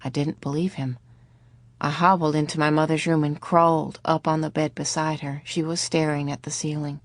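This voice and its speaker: A woman narrating a novel in first person, calm and measured, in a studio. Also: sits low, dry recording. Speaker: audiobook narrator. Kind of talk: scripted narration.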